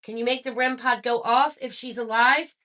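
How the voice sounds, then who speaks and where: A woman hosting a live-stream spirit box session, excitable and talking straight to her viewers. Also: on the high side, normal speed.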